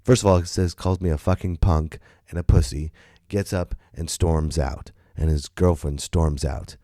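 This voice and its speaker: A man, a stand-up comedian, hosting his podcast in a casual monologue, rambling and animated, swearing and stumbling over his words. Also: rumbling low, normal speed, no room sound, clean studio sound.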